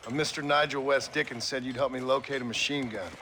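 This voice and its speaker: An actor playing a steady former outlaw with a dry, sardonic way of talking. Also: male voice, medium pitch, quick pace, background noise, lightly acted. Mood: wry.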